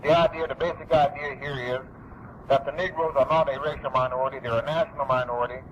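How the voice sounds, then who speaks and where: A man's voice: mid-range voice, fairly even intonation, fast talker, a crowd in the background. A middle-aged man giving an emphatic, repetitive public lecture, preserved on an archival recording. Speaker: speaker. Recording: dull lo-fi archival recording with faint noise.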